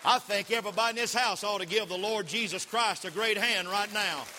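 Guy preaching a sermon, pitch sits kinda high, big echoey church hall. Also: brisk, crowd noise, noisy background. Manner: call-and-response preaching, rising to shouts. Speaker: pastor. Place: church sanctuary. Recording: long reverb of a church hall.

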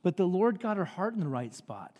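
Man preaching, high voice, animated, conversational asides, long hall reverb. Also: brisk, dull audio. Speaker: pastor. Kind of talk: sermon. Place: church sanctuary.

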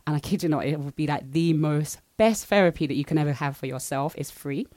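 A woman's voice: sits low, fairly quick, a little mellow, no echo, studio quality. A woman on a podcast panel, chatting in a bubbly way, laughing often and acting out her own reactions. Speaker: panel guest. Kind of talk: casual panel chat.

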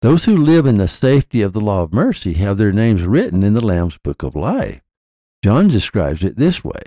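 A man narrating a scripted religious teaching podcast in measured, declarative statements. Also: lowish voice, very animated, dark tone, no echo, clean studio sound.

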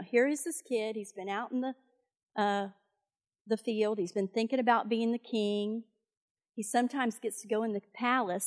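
A woman's voice: mid-range voice, darkish tone. A woman preaching a sermon, retelling a Bible story in a conversational way with fillers and asides.

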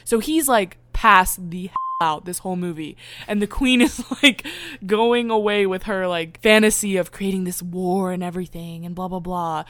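A woman casually talking over a film with a friend, excitable and quick to laugh. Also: fairly low pitch, no echo. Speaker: movie reviewer. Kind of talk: casual chat.

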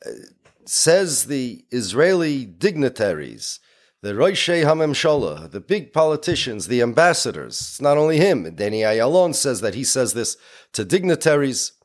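Man, lecture, emphatic and explanatory, medium pitch. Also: very animated, moderate pace. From United States. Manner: emphatic and explanatory, with many Yiddish and Hebrew words. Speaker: speaker.

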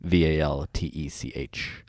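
Brief: deep, dry-sounding male podcast host, eager and rambling. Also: fairly even intonation, measured pace, a little mellow, no room sound. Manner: enthusiastic, rambling with many restarts. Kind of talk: casual chat.

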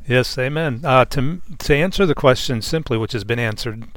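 A man's voice: medium pitch, moderate pace, a bit bright, no echo. A man on a Bible discussion panel speaking earnestly and reflectively, often repeating words as he gathers his thoughts.

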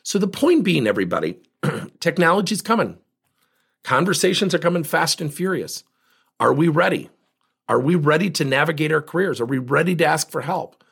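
A man's voice: fairly high pitch, animated, moderate pace, creaky, fairly bright tone, breathy edge. A man hosting a coaching podcast, talking emphatically to his listeners and asking rhetorical questions. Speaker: leadership coach and podcast host. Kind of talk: podcast monologue.

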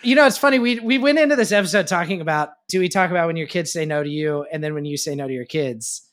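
A man co-hosting a casual parenting podcast, thinking out loud in a reflective way and swearing freely. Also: a little high, fast. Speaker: podcast co-host.

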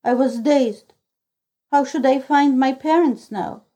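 A woman reading a novel aloud as audiobook narrator, in a measured, even manner. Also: high voice, rough recording. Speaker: audiobook reader. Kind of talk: scripted storybook narration.

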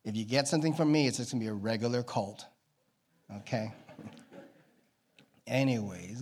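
A male guest preacher delivers an informal sermon to his church audience, joking and straying into tangents. His medium-pitched, slightly breathy voice moves at a moderate pace, and he pauses often.

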